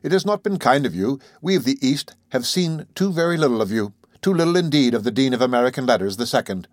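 Male reader doing a refined young woman writer, gentle and poised, dry audiobook sound. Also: medium pitch, animated, fast talker, no room sound, lightly acted. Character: refined young woman poet, composed and gracious.

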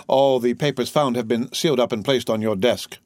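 A man's voice: medium pitch, steady tone, brisk, a little mellow, no echo, natural voice. A hesitant, deferential police commissary , read by a man in a storybook reading. He reports plainly with little hesitations. The sound is dry and close.

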